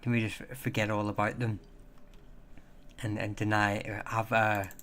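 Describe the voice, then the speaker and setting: A man hosting a casual livestream and chatting with viewers in a rambling, halting way, with many fillers and restarts. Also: fairly low pitch, level tone, fairly bright tone, slight background noise. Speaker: livestream host.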